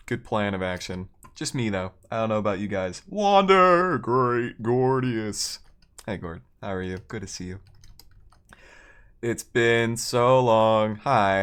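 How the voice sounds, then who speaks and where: A deep-voiced man plays a game on a live stream, chatting casually with viewers, rambling, and poking fun at himself.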